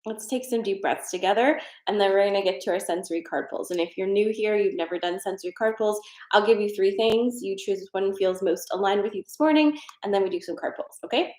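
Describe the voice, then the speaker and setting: A woman's voice: mid-range voice, fairly quick, darkish tone. Chatty woman host in an echoey room. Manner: chatty, rambling, many fillers. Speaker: host of a tarot and energy livestream. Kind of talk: casual chat and guided breathing.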